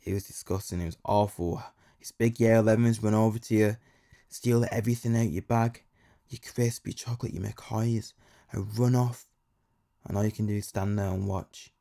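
A man's voice: lowish voice, mellow. A young man, telling a casual story full of slang and repeated phrases.

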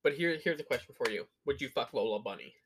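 A young man co-hosting a podcast who tells animated stories and swears a lot. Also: medium pitch, fast, background noise. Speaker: podcast co-host. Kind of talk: casual crude banter.

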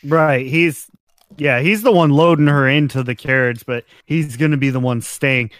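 A man's voice: mid-range voice, normal speed, a bit bright, no room sound. A man narrating as game master of a tabletop role-playing game, laughing between descriptions.

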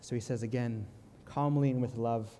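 A young man preaching a sermon, telling a story in a calm, earnest way and slowing down softly on key lines. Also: medium pitch, big-room sound, a little hiss or hum. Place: church sanctuary.

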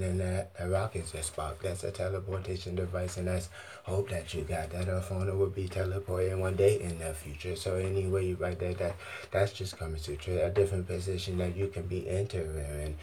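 A man's voice: deep voice, dark tone, slight background noise. A man on an arena stage giving a profane, free-associating monologue into a handheld mic. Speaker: stage performer. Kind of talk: rambling freestyle monologue.

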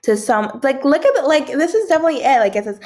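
A woman's voice: high voice, very animated, quick pace, darkish tone. Young woman host, casual rambling gossip chat, filler-heavy. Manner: rambling, filler-heavy, yawns now and then.

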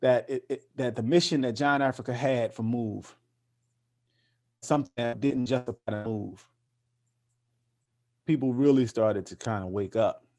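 A man's voice: mid-range voice, normal speed, pauses often, a little mellow. A man being interviewed, talking with passion and emphasis, often repeating words as he builds a point. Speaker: interview guest, activist. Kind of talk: casual interview conversation.

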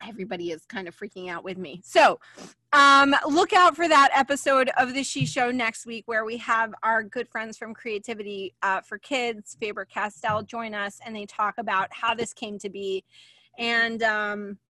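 A woman's voice: on the high side, moderate pace, pushed and bright, dry recording. A woman hosting a livestream, chatty and emotional, with lots of fillers, on a video call setup. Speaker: livestream host. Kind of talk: casual livestream chat.

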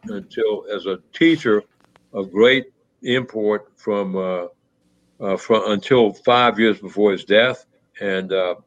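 A man telling a personal story in a reflective, conversational way, pausing often with fillers and restarts. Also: fairly bright tone. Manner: halting, many restarts and fillers. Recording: muffled low-fidelity audio.

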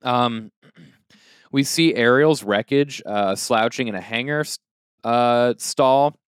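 A man's voice: medium pitch, slow, smooth, no room sound, clean studio sound. A young man co-hosting a podcast, casually recapping an anime episode with jokes and fillers. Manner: joking, rambling recap with fillers. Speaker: podcast co-host.

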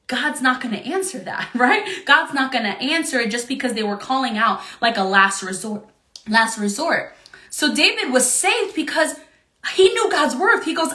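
High bright-voiced woman doing an earnest bible teaching, echoey room. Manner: earnest, expressive, repeats phrases.

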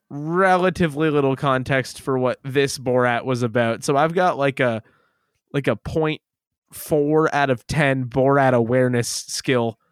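A man's voice: medium pitch, clean tone, no room sound, studio quality. A man hosting a casual podcast, rambling and self-deprecating, laughing often as he loses his train of thought. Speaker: podcast host.

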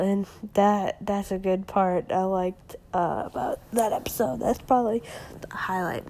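A woman's voice: mid-range voice, measured pace, a little mellow. A young adult woman casually recapping a podcast episode, rambling with lots of fillers and self-corrections. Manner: rambling, heavy use of "like" and "um", frequent self-corrections.

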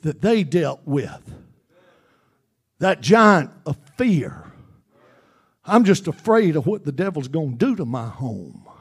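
Fervent preacher with a high voice. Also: male voice, breathy edge. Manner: fervent, repetitive preaching that builds to shouts. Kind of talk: sermon.

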